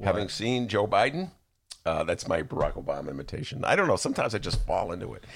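A man's voice: low-pitched, quick pace, vocal fry, slight background noise. A man hosting a radio talk show, bantering and joking, slipping into impressions. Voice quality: animated, jokey, slips into impressions. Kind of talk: casual on-air banter.

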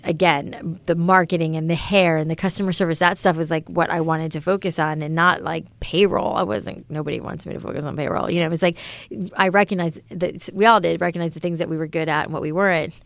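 A fast-talking middle-aged founder with a low voice and fairly even intonation chats casually in an interview, using plenty of "you know" and "like." The recording has no room sound.

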